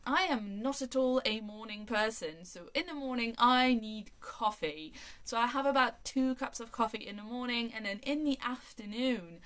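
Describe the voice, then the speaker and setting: A woman's voice: fairly high pitch, normal speed, a bit bright. A woman in her thirties from France, her first language French, reading out tag questions and answering them in a chatty, enthusiastic way. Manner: chatty and enthusiastic, reads each question aloud. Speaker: book vlogger. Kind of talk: casual tag video answers.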